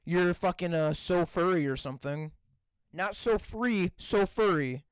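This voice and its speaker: Young guy cohosting a podcast, cussing and exasperated, kinda high voice, dry close sound. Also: lively intonation, smooth, dry recording. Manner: profane, exasperated, spells words out slowly. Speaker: podcast co-host. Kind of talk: crude casual banter.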